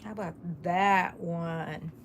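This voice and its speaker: A woman's voice: lowish voice, fairly even intonation, takes it slowly, a little hiss or hum. Chatty middle-aged woman hosting a crochet stream. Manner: chatty, reads viewer comments aloud, laughs often. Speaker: crochet livestream host. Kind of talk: casual live-stream chat.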